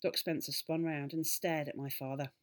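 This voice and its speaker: A woman reading a children's story aloud with expressive, lively storytelling. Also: deep voice, moderate pace. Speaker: narrator.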